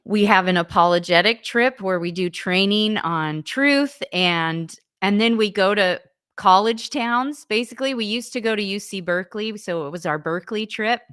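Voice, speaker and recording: Woman ministry leader, bright tense voice, earnest, keeps restarting. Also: medium pitch, normal speed, clear, resonant tone. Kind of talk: interview answers.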